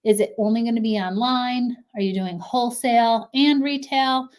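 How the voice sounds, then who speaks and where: A woman's voice: fairly high pitch, moderate pace, a little mellow. A woman in her thirties, a clothing brand consultant giving casual, encouraging advice to camera with lots of fillers, slightly out of breath from pregnancy. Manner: chatty, encouraging, frequent fillers.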